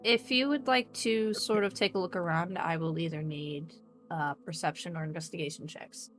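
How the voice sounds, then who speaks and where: A woman narrating a tabletop game as game master, describing scenes slowly and deliberately with many fillers. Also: on the low side, steady tone, fairly bright tone, soft background music.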